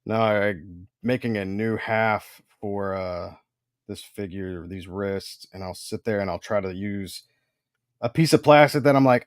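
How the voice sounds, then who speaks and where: A man's voice: on the low side, a little slow, dry recording, clean studio sound. A man chatting casually on a livestream while making parts for a figure, sighing and complaining in a laid-back way. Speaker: co-host of a toy customizing livestream.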